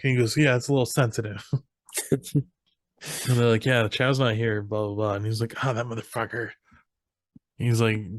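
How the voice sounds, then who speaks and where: A man's voice: mid-range voice, fairly even intonation, fairly quick, no room sound, studio quality. A young man co-hosting a podcast, retelling a movie plot casually and often laughing as he acts out the characters' lines. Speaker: podcast co-host. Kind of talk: casual movie recap chat.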